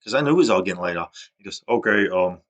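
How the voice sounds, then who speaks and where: A middle-aged man from the United States talking agitatedly in a rambling personal monologue, repeating himself and restarting sentences, his voice swinging from a low mutter to loud. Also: lively intonation, rapid-fire, dull audio. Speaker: vlogger.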